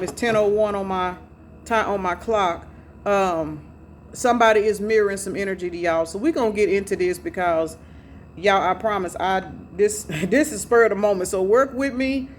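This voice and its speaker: A woman's voice: mid-range voice, slight background noise. A middle-aged woman doing a casual tarot reading, chatty, calling her viewers y'all with salty slang. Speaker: spiritual tarot reader.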